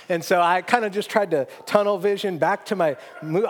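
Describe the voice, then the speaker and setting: Man, pastor, conversational sermon, self-deprecating, somewhat high voice. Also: brisk. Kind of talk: sermon with personal stories.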